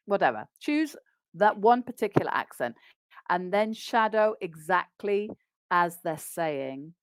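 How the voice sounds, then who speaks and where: A woman's voice: on the low side, big pitch swings, measured pace, clean tone, no echo. A woman with an English RP accent, a business English coach, explaining practical tips in an upbeat conversational interview.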